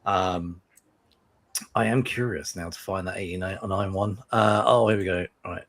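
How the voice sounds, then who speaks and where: A man hosting a casual film-review podcast, talking haltingly and steering the group discussion. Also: low-pitched, steady tone, fairly bright tone. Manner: halting, many fillers and restarts. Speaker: podcast host.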